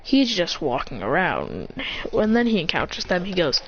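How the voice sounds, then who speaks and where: A woman's voice: lowish voice, wildly swooping pitch, moderate pace, highs cut off, slight background noise. A woman improvising a fan-fiction story aloud, rambling and correcting herself as she goes.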